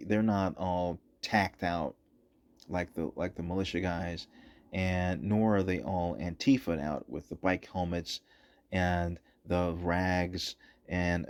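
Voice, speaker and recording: Emphatic low-voiced male commentator. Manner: emphatic, repeats points for stress. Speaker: political commentator. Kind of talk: opinionated commentary over footage.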